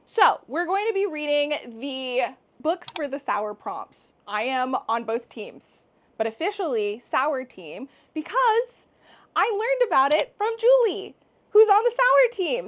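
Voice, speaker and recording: A young woman chatting casually in a book vlog, giggly and rambling, with faint music underneath. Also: sits high. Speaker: book vlogger.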